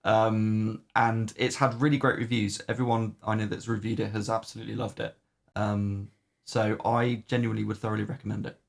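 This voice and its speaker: Gravelly man chatting about games. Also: lowish voice, flat delivery, fairly quick. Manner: rambling, many "um"s, swears casually. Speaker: podcast co-host. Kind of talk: casual game review chat.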